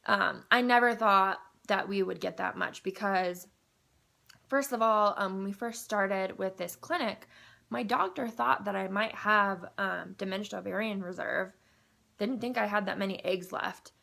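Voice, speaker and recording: A young woman vlogging a casual personal update, chatty and excitable, with lots of ums and likes, a little groggy. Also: mid-range voice, unhurried, creaky. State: groggy after anesthesia.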